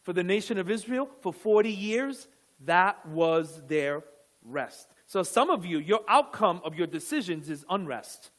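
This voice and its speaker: A man's voice: high-pitched, animated, measured pace, a bit bright. A male pastor preaching a sermon with fervent, emphatic delivery and asides to the congregation.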